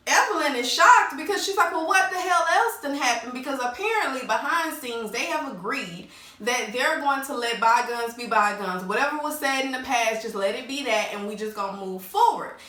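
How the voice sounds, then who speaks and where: A woman with a high, bright voice gives a blunt, opinionated recap of a reality TV episode and calls the cast out as she goes. She acts out what each cast member said. Her voice sits a little back from the mic in an echoey room. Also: lively intonation, normal speed, recorded from a distance. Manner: blunt and opinionated, mimics the cast's lines. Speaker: recap vlogger.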